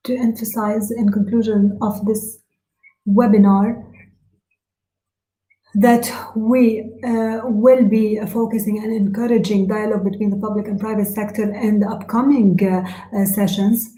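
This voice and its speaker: A woman interpreting a webinar live, in a halting delivery full of filler sounds and restarts. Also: mid-range voice, steady tone, warm tone, roomy sound, low-quality recording. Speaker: simultaneous interpreter.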